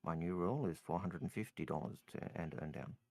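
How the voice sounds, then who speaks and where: A man's voice: low voice, brisk, gravelly, warm tone, no room sound. A man co-hosting a casual gaming Q&A, reading viewer questions aloud and adding short replies. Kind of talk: casual podcast chat.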